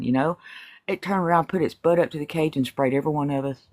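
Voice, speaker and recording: An adult telling a personal story in a casual group chat, animated and acting out quoted lines. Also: mid-range voice, quick pace.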